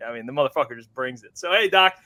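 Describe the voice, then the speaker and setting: A man's voice: medium pitch, animated, very fast, pushed and bright. A man hosting a sports podcast, talking loosely and profanely between laughs. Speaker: podcast host. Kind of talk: casual sports chat.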